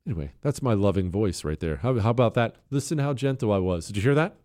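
A man's voice: lowish voice, expressive, fast, few pauses, a little mellow. A man hosting a talk radio show, delivering an opinionated monologue in a combative, sarcastic way.

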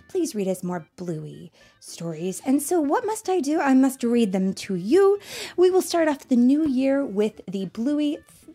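A woman reading a children's story aloud, talking warmly and directly to her young listeners. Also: mid-range voice. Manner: warm, animated, talks to listeners directly.

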